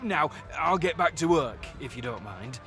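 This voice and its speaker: A man's voice: on the high side, animated, normal speed, pushed and bright, faint music behind. An actor playing a sly male con-man who wheedles and plays for sympathy in a video game. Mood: wheedling. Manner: wheedling, theatrical.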